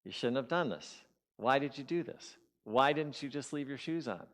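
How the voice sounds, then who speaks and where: A man's voice: medium pitch, lively intonation, natural voice. A man voicing his nagging inner critic. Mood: scolding. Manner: berating, rapid-fire scolding questions.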